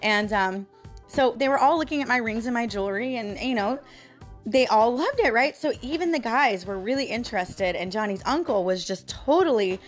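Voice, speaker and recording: A woman's voice: fairly high pitch, lively intonation, normal speed, soft background music. A woman hosting her own audio blog, venting to her listeners in an emphatic, frustrated way and speaking to them directly. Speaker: podcast host. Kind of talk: casual venting monologue.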